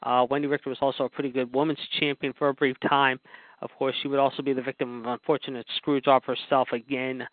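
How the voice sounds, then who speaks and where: A man's voice: mid-range voice, little pitch movement, fast, dry recording. A man hosting a podcast, telling wrestling stories in a rambling casual way, full of fillers and repeated asides. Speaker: podcast host. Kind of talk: casual storytelling about wrestling history. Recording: dry, phone-like narrow sound.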